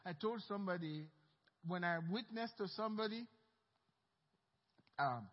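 A male pastor preaching an animated, emphatic sermon and calling out for amens. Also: sits high, unhurried. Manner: animated, emphatic preaching with call-outs for amen. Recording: muffled recording with long hall reverb.

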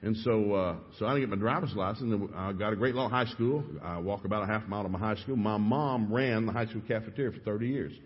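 A husky, fast-talking Southern man preaching in an East Tennessee accent, his voice sitting in an ordinary middle register. He tells his stories with lively, animated energy. The recording sounds dull and muffled, with a long echo like a large church hall. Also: fairly low pitch. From East Tennessee, USA. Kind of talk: storytelling sermon.

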